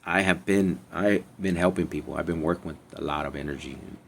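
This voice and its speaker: A man doing a casual spiritual reading vlog, talking in meandering, trailing phrases with frequent sighs, swinging between loud remarks and hushed asides. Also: deep voice, steady tone, brisk, vocal fry, slight background noise. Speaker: spiritual reader. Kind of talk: rambling casual tarot vlog.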